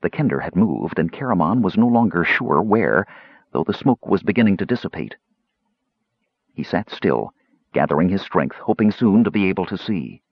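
A man reading scripted fantasy narration for an audiobook in a steady, measured way. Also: low-pitched, husky, dry recording. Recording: dull lo-fi dry audio.

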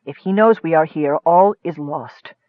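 A man voicing a frail, sickly young male mage who speaks in grim, hushed tones. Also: fairly high pitch, measured pace, no echo, phone-quality sound, lightly acted.

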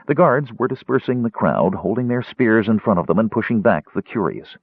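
A man reading an audiobook in scripted, expressive narration, on a tinny narrow-band recording. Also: on the low side, fairly quick, few pauses, breathy edge, dry recording.

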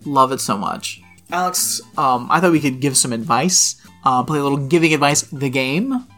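A woman co-hosting a casual chat who reads listener posts aloud, often swooping up high as she reads or mimics. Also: moderate pace, faint music behind. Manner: animated, swoops high when reading or mimicking. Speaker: podcast co-host.

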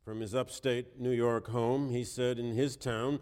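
History lecturer with a cold, wry and conversational, medium voice, echoing hall. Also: male voice, medium pitch, moderate pace, hardly any pauses, a little mellow. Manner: wry, conversational, reads quotes with emphasis. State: has a cold. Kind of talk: university lecture.

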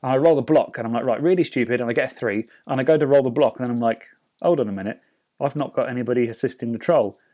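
A man tells the story of a tabletop game match on a podcast. His retelling is casual and lively, and he acts out his own thoughts as he goes. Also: medium pitch, rapid-fire. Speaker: podcast co-host.

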